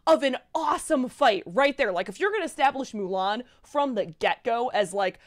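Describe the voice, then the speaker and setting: A woman talking casually on a review panel, animated and full of "like"s, over a remote call setup. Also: on the high side, normal speed. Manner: animated, frequent fillers and laughs. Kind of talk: casual group discussion.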